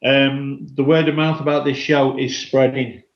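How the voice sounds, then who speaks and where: A man speaking in a flat, even voice on a radio chat show, stopping and restarting as he goes. The sound is dull and lo-fi, with a roomy echo around it. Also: medium pitch. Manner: halting, restarts a lot, calls the other host mate.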